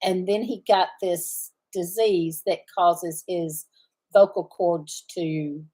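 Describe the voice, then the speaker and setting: A middle-aged woman with a drawl talks casually to her livestream viewers from the farm. Her speech rambles from thought to thought, with frequent pauses while she searches for a word. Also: lowish voice, steady tone, mellow. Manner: rambling, often searching for words. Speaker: farm channel host.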